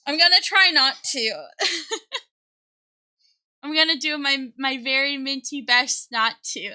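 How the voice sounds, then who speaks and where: A woman's voice: sits high, unhurried, pushed and bright. A young woman streaming as a VTuber, chatting casually with her viewers, giggly and flustered, teary and close to crying. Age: young adult. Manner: giggly, flustered, thanks chat often. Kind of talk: casual live-stream chat.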